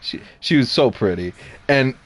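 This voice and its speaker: A man's voice: medium pitch, moderate pace, no echo. A young man chatting casually with friends while gaming, telling stories with lots of laughter and restarts. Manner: animated, laughing, full of restarts. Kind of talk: casual storytelling chat.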